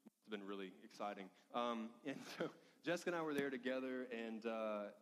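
A male preacher telling a funny personal story in a sermon, with lively humor. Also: medium pitch, fairly quick. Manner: storytelling, animated, self-deprecating humor. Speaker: pastor. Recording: long hall reverb.

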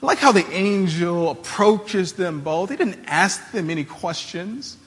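A man with a notably high voice preaches in an easygoing, conversational way, dropping casual slang as he talks. His voice carries the long reverb of a large church hall. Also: animated, measured pace, a bit bright. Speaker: pastor. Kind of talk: sermon.

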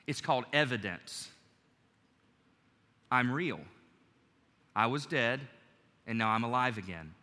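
A man's voice: medium pitch, expressive, slow pace, pauses often, pushed and bright, long reverb tail. A man preaching a sermon in a conversational way, acting out quoted lines as he goes. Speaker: pastor.

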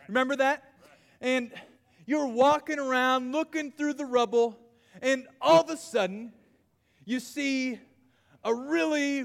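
Youth pastor, male, high and bright, animated crowd-work, reverberant hall. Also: gravelly, clean tone. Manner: playful, animated, calling out to a crowd. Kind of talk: energetic youth group lesson with audience game.

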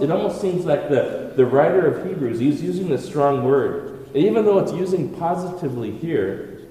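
Pastor preaching in an echoey hall. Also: male voice, mid-range voice, dark tone. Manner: earnest preaching with repeated restarts and rhetorical questions. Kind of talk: sermon. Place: church hall. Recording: echoey hall with long reverb.

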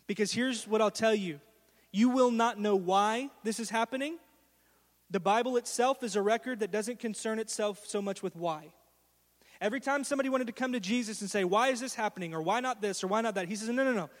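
A man in his thirties delivers an earnest, storytelling sermon with emphatic stresses. His voice sits high for a man. The sound rings out with a long reverb, as in a large church hall. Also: fairly quick. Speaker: pastor.

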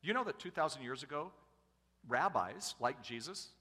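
Bright-voiced preacher in a reverberant hall. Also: male voice, a little high, animated, moderate pace. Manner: self-deprecating, conversational storyteller. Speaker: pastor. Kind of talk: sermon with personal storytelling. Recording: long church-hall reverb.

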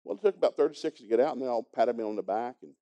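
A man's voice: medium pitch, rapid-fire, mellow. A man preaching a sermon, telling a folksy story and chuckling as he goes. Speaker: pastor teaching a congregation.

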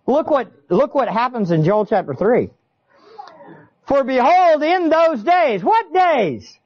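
A man preaching a sermon, chatty and animated, often turning to ask his listeners questions. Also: extremely high pitch, slow, highs cut off. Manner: animated, conversational, asks the audience questions. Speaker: pastor. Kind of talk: expository sermon.

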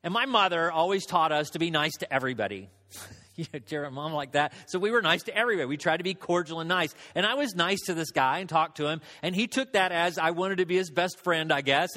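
Pastor, male, high-pitched, chatty self-mocking sermon, reverberant sanctuary. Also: lively intonation, a little fast, pushed and bright. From Southern United States. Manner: storytelling, conversational, self-deprecating.

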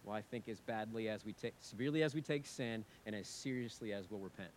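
A man, a pastor, preaching a sermon in a church, earnest and emphatic, swinging from loud urgent passages to quiet prayerful tones. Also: on the low side, quick pace, a little hiss or hum. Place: church sanctuary with congregation.

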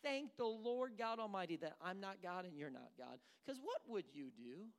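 A preacher giving an animated, conversational sermon who acts out the characters. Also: mid-range voice, moderate pace.

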